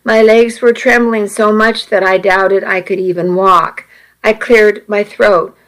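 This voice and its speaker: Woman reading a first-person audiobook, slow and earnest, mid pitch. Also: steady tone, fairly bright tone, poor audio. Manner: measured, earnest storytelling. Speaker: narrator.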